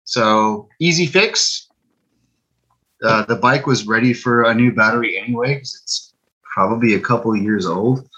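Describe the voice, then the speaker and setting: A man's voice: mid-range voice, normal speed, sharp tone, husky, dull audio. A man casually telling a story about a fix, retelling it with quotes and fillers.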